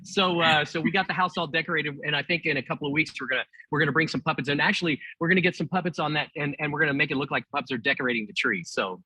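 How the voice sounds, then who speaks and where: Middle-aged Texan man, interview guest, chatty and laughing, bright, husky tone. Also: on the high side, very fast, few pauses, dry recording, poor audio. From Texas. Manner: chatty, laughs often, many restarts. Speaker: guest ventriloquist. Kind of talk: casual interview chat.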